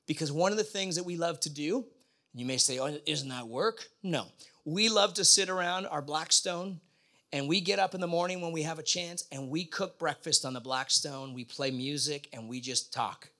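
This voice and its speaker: A man's voice: fairly high pitch, moderate pace, bright, forceful tone. A middle-aged man preaching a sermon in a conversational way, often putting questions to the congregation. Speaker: pastor.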